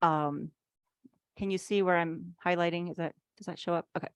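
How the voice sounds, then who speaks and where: A woman's voice: lowish voice, fairly even intonation, normal speed, smooth, no echo. A woman giving a casual online workshop on business finances, chatty, full of "like"s and playful acted asides, speaking over a video call.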